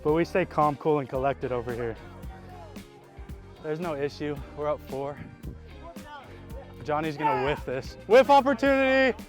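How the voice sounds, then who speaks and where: A young man with a slightly high voice gives cocky, self-assured sideline commentary outdoors. Clear music plays behind him on a distant recording. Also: fairly even intonation, unhurried, long pauses. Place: outdoor park court.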